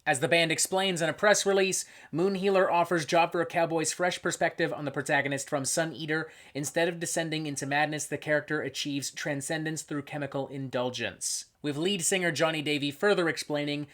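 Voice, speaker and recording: A male host reviewing a metal album in an animated monologue that is half script and half rant. His voice is bright and cutting. Profanity and sarcastic asides keep breaking into his otherwise structured delivery. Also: a little high, a little fast, few pauses.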